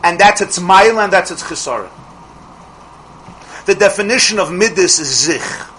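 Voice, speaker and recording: A middle-aged man teaching a Torah class as a rabbi, asking rhetorical questions and restarting his phrases quickly. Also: high voice, lively intonation, pushed and bright, a little hiss or hum, poor audio.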